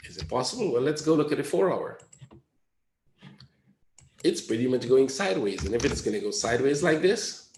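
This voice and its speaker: A man's voice: mid-range voice, echoey room. A man teaching a trading webinar in a conversational way, often asking rhetorical questions and briefly acting out panicked traders. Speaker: trading instructor. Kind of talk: webinar lesson.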